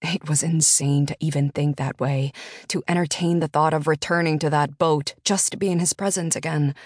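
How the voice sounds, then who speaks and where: A woman narrating a first-person audiobook in a measured, introspective reading. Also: sits low, fairly even intonation, darkish tone, no room sound, studio quality.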